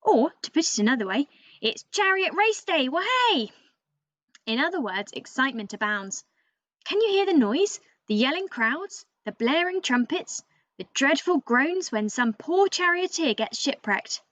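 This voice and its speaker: A woman's voice: sits high, lively intonation, moderate pace, fairly bright tone, no room sound, pitched above the performer's own voice. A woman reading aloud as a cheeky, boastful male raven who bosses the listener around, in a storybook voice. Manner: cheeky, bossy, talks straight to the listener. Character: cocky chatty male raven, boastful know-it-all. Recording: dull lo-fi dry recording.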